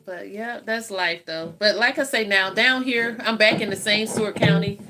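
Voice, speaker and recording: A woman's voice: mid-range voice, moderate pace, sharp tone. An older woman with a Southern US accent, chatting and telling stories to live viewers while she eats, laughing often. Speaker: host of a live eating stream. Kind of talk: casual chat with live viewers.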